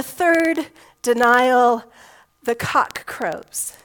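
A woman pastor delivers a sermon in a slightly high voice. She talks like she is telling a story to friends, easygoing and conversational, and slips in homespun humor. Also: lively intonation, unhurried, rough recording.

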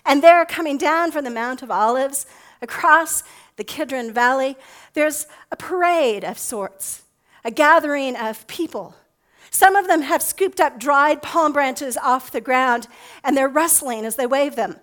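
A woman pastor giving a sermon, gently leading listeners through an imagined scene. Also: high voice, a little slow.

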